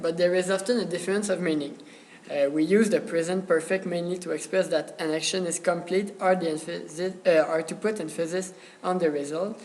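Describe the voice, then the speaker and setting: A young man student presenting a grammar lesson, hesitant and pausing often on filler sounds. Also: sits high, darkish tone, poor audio.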